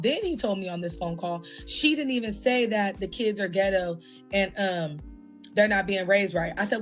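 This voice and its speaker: A woman tells a personal story, heated and animated, acting out both sides of a conversation. Faint music plays underneath. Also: medium pitch, moderate pace, rough recording. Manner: animated, heated retelling with quoted dialogue. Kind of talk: casual storytime.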